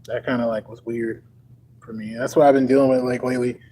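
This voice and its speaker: A man's voice: medium pitch, little pitch movement, quick pace, mellow, rough recording. A young man from Texas chatting on a livestream. He rambles and stacks up "like" fillers. He chuckles often as he talks. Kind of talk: casual livestream chat.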